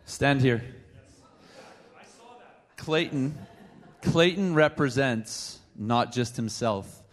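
Church guy praying a blessing, slow and measured, ordinary pitch. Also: animated. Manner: measured, deliberate, prayerful. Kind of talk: prayer and exhortation.

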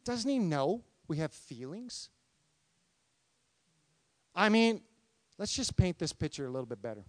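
A man preaching a sermon, reading scripture and asking the congregation questions in an animated, conversational way. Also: high voice, measured pace, no echo. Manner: animated, talks to congregation with questions, acts out quotes. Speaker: pastor.

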